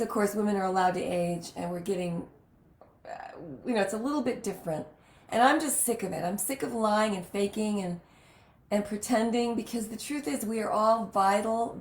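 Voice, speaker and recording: A woman's voice: medium pitch, normal speed, reverberant. A woman podcast host chatting casually and telling stories emphatically. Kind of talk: casual chat.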